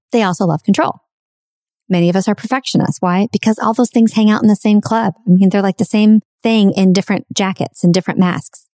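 A woman's voice: mid-range voice, dark tone, no echo, studio quality. A middle-aged woman hosting a podcast, giving an earnest, reflective spiritual self-help talk and repeating phrases for emphasis. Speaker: podcast host.

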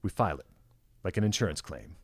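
A man's voice: low-pitched, animated, fast talker, husky, dry recording. A man co-hosting a casual podcast, trading wordplay and playful grandiose intros. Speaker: podcast co-host. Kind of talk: casual chat.

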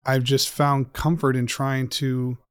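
A man's voice: medium pitch, level tone, slow pace, smooth, dry recording, clean studio sound. A man hosting a podcast, talking earnestly and gratefully in a casual interview, with frequent fillers and restarts. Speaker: podcast host.

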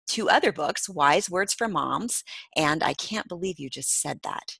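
A middle-aged woman hosts a podcast in a relaxed, chatty way, sprinkling in ums and easy laughs. Her voice sits a little low but sounds bright. The recording is dry and close. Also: no echo. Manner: warm, chatty, laughs often, many ums. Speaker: podcast host. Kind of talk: casual interview chat.

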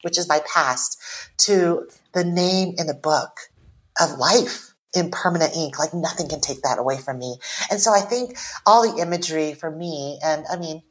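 Woman in her 40s, from Taiwan, earnest podcast guest, slightly low voice, reads her writing slowly. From Taiwan, raised in the US. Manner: reflective, earnest, slows down when reading. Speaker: author guest. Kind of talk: podcast interview, reading her own writing aloud.

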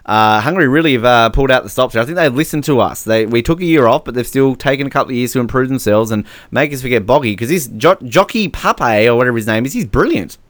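A man's voice: medium pitch, expressive, quick pace, few pauses, fairly bright tone, dry recording. A man hosting a casual podcast chat, sarcastic and often laughing. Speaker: podcast host. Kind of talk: casual chat reviewing song contest entries.

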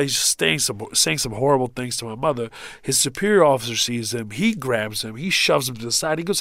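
Animated male comedian telling a story. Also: mid-range voice, fairly quick, no echo. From Kuwait. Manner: animated storyteller, acts out quotes. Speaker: comedian guest. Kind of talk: storytelling interview.

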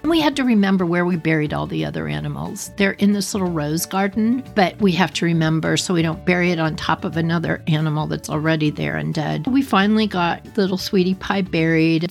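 Animated middle-aged woman telling a story. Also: on the low side, fairly quick, vocal fry, hardly any pauses, soft background music. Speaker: podcast host. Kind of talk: personal storytelling.

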